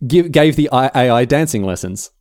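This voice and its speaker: A man co-hosting a casual podcast, chatty and quick to laugh. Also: mid-range voice, no echo, clean studio sound. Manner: animated storyteller, laughs often. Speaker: podcast co-host. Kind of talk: casual chat.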